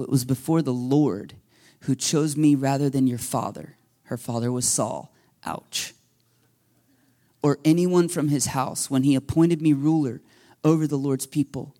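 Man, pastor, sermon, gravelly, mellow dark tone, acts out voices, occasional whispers. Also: mid-range voice. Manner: animated storytelling, acting out quoted voices, dropping to a whisper at times. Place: church sanctuary.

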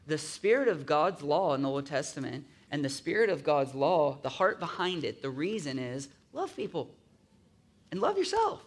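A man's voice: a little high, sing-song, normal speed. A man preaching a sermon in a conversational way, often asking his listeners to agree and acting out grumbling voices in asides. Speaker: pastor.

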